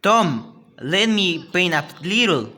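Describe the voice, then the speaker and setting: An eager, teasing young boy, as a man with a Spanish accent puts him on for a storybook reading. The voice is pushed up high and loud. The halting delivery gives it an amateur feel. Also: sing-song, exaggerated voice.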